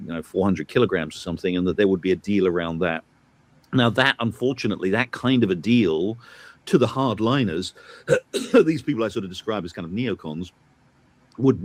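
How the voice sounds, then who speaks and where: Deep-voiced man giving hesitant political analysis. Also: no echo. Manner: hesitant, many fillers and restarts, grows emphatic. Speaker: political commentator. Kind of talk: analytical commentary chat.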